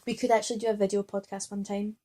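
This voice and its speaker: A woman's voice: mid-range voice, level tone, fast talker, warm tone. A young adult woman hosting a podcast, tipsy, rambling, and swearing freely in casual chat. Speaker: podcast host.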